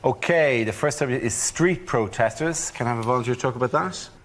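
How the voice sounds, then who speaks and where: A man hosting a comedy panel show, briskly introducing topics and comedians. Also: medium pitch. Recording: studio with loud crowd and noise. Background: studio audience.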